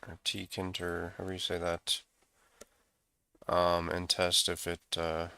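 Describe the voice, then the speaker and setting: A man's voice: sits low, monotone, unhurried, bright, forceful tone, smooth. A man talking through his programming work in a casual coding walkthrough, thinking aloud as he goes. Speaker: programmer screencasting code.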